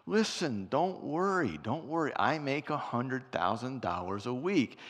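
A man voicing a calm, unbothered rich castaway in a joke. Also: mid-range voice, a little slow, big-room sound.

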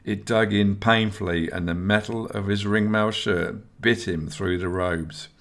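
A man narrating a fantasy audiobook in a steady, measured reading voice. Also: on the low side.

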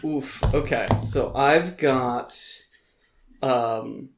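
A man co-hosting a casual podcast, giving animated, opinionated reviews with frequent ums and restarts. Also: medium pitch, extremely slow, vocal fry, background noise. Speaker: podcast co-host reviewing films and TV. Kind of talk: casual chat.

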